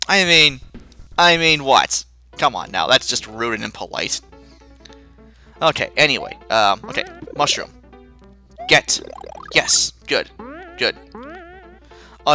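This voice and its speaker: Very animated let's play commentator. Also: medium pitch, slow pace, long pauses. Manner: animated, self-mocking, panicky outbursts. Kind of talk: gameplay commentary. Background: faint game music.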